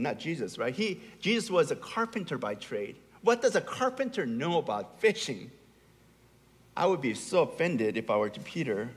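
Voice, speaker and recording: A man's voice: a little high, slightly rough. A middle-aged man preaching a sermon as a pastor, telling stories and building to emphatic, rising peaks. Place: large church hall. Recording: long hall reverb.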